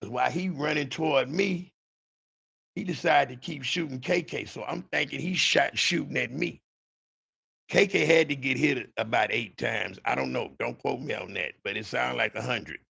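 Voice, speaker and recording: A man hosting a podcast, telling a story in an animated, profane way and talking to his listeners directly. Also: mid-range voice, normal speed, creaky, breathy edge. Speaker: podcast host. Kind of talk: dramatic storytelling.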